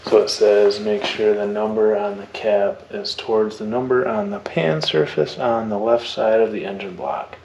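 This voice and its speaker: A young man explaining an engine rebuild step by step as he works, thinking aloud in a plain, relaxed way. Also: fairly low pitch, moderate pace, creaky, hardly any pauses, muffled recording, slight background noise. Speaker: mechanic rebuilding a diesel engine. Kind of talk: hands-on how-to narration.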